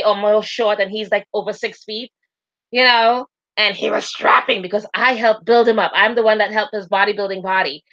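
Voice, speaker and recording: A woman co-hosts a casual live talk show, her voice bright and fairly high. She tells stories animatedly and laughs often. The stream audio sounds dull and lo-fi. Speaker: co-host. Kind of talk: casual chat.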